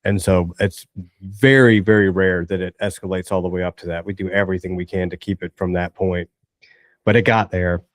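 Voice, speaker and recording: A man's voice: low voice, fairly quick, no echo, clean studio sound. Laid-back man telling a story. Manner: laid-back, quotes people in animated voices. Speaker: podcast co-host. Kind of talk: casual storytelling chat.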